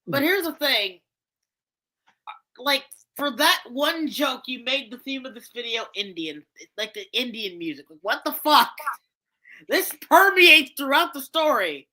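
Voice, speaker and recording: Brief: high-pitched woman, very animated delivery, bright tone, casual crude reaction banter. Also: unhurried. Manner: swears freely, laughs often, repeats words. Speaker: co-host reacting to videos.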